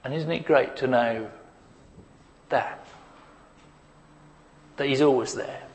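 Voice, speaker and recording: A man preaching a sermon as pastor, earnest and questioning, leading the listeners into a quiet reflection. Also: mid-range voice, takes it slowly, low-quality recording.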